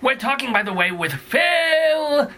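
A man hosting a radio interview, joking and jumping in with quick questions. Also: very high-pitched, very animated, sharp tone. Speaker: radio host.

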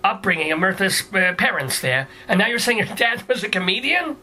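A male radio host with a high, sharply bright voice. He jokes and cuts in with quick questions. His voice is clear and forceful. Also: sing-song. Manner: quick, joking, interrupting. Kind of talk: radio interview.

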